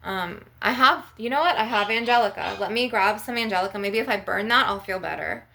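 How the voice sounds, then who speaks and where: A woman's voice: medium pitch, a little fast, gravelly, sharp tone. Anxious, rambling woman venting. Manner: anxious, rambling, swears a lot. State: anxious and stressed. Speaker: spiritual vlogger. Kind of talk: emotional venting vlog.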